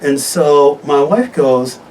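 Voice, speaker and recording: A man who is a physician, hosting a live radio health talk show in a studio, telling stories in an upbeat, animated way. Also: takes it slowly, far from the mic, slight background noise, poor audio. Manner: upbeat, animated storytelling with wide pitch swings. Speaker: host, physician.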